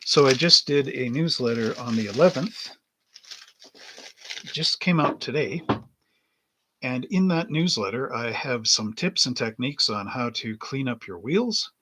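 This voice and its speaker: A man's voice: medium pitch, expressive, a little slow, pushed and bright, slight background noise. A man hosting a live stream from his hobby shop, chatting casually and rambling as he reads the chat aloud. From Canada. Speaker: livestream host and hobby shop owner.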